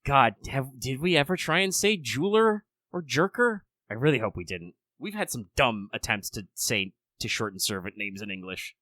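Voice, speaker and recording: A man's voice: mid-range voice, expressive, moderate pace, few pauses, sharp tone, dry recording. An American man co-hosting a casual podcast chat, rambling with frequent restarts and wry asides. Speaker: podcast co-host.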